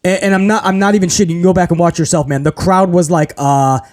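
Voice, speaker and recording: A high-voiced man rants through a wrestling review on his own channel. His talk is casual, profane and animated. He mocks the show with quick impressions as he goes. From grew up in housing projects.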